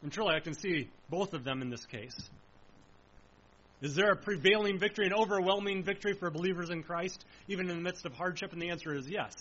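High, bright-voiced man preaching a sermon. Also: lo-fi sound. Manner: earnest, emphatic preaching, slowing on key phrases.

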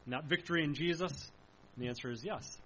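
Male preacher, high bright voice, earnest emphatic delivery, slows on key lines, dull lo-fi sound. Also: slightly rough. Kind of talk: sermon.

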